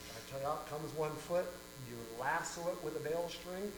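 A man preaching a sermon as pastor, telling a parable with lively acted-out voices. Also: a little high, fairly quick, reverberant, a little hiss or hum, rough recording. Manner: animated storytelling, acting out voices and shouts. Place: church.

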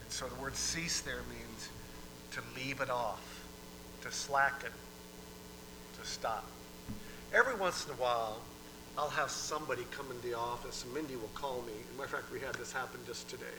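A man preaching a sermon in a conversational style, moving between hushed and emphatic delivery and often repeating himself. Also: mid-range voice, moderate pace, noisy background. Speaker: pastor.

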